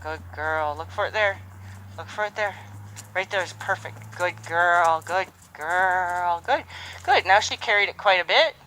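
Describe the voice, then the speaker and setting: Horse trainer outside with a horse, bright clear voice, calm coaching, lots of soft praise, faint noise behind. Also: medium pitch, moderate pace, rough recording. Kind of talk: live training commentary. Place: outdoors with a horse.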